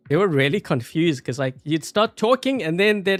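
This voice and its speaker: A man's voice: fairly high pitch, lively intonation, unhurried, no echo, soft background music. A man with a South African accent giving rambling, casual gameplay commentary, full of fillers and laughing often. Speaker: gameplay YouTuber.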